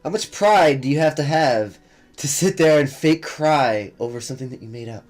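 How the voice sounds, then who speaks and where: A young man with a fairly high voice hosts a reaction video. He talks in a mocking, sarcastic way, swears freely and keeps breaking into laughter at what he is watching. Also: normal speed.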